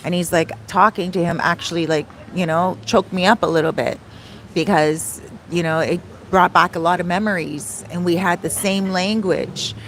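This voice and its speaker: This is a relaxed, meandering phone vlog from a Canadian travel vlogger and soul coach, with slight noise behind her. She speaks on the low side at a moderate pace with a steady tone, laughing often and drifting off topic as she tells her story.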